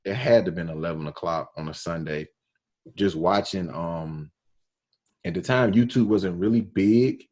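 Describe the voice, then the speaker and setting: A radio DJ from Alabama, telling his story in a relaxed interview with slang and quoted dialogue. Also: low voice, unhurried. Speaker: radio DJ, podcast guest.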